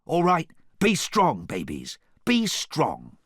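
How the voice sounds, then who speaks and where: A man voicing a chatty male donkey who fusses and chatters excitably. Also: a little high, unhurried, no echo, studio quality, pitched above the performer's own voice. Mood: fussing.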